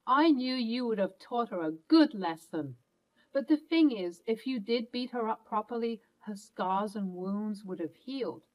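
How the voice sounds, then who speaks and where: A woman's voice: on the high side, lively intonation, unhurried, darkish tone, rough recording. A woman playing a kind, protective older grandmother. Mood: tender. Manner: soothing, motherly reassurance.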